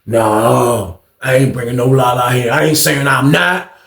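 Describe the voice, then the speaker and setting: A man putting on a big, hungry prison guard who talks in a low, lazy drawl and bargains like it is nothing. The voice drops well below the storyteller's own and sounds out in a roomy, echoey space. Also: steady tone, measured pace, vocal fry, a bit bright. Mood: evasive. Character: big hungry male prison guard, laid-back schemer. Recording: roomy echo.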